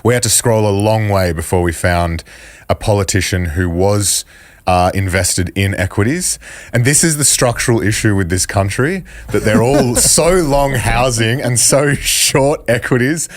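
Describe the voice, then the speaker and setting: A low-voiced man co-hosts a finance podcast, sounding relaxed and blunt. He laughs easily. His voice is recorded close and dry, with no room sound at all. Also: measured pace, dry recording. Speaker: podcast co-host. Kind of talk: casual chat.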